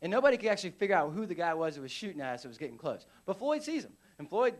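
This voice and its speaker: A veteran man giving a live storytelling speech at a conference, animated and acting out scenes with sound effects. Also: sits high, very fast. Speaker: veteran speaker. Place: conference stage.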